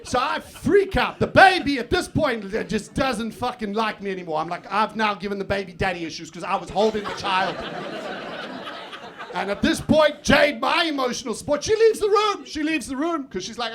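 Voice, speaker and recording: A man doing live stand-up on a comedy club stage, swinging from muttered asides to shouted outbursts. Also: very high-pitched, expressive, moderate pace. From South Africa. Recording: live club recording with crowd laughter. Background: audience laughter.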